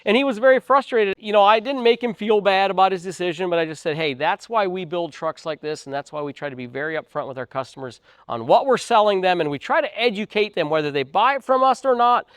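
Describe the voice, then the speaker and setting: A man's voice: high-pitched, animated, quick pace, few pauses, fairly bright tone, clear, resonant tone, no echo, clean studio sound. A middle-aged man, a truck dealer, giving earnest, emphatic sales advice and folksy stories straight to camera.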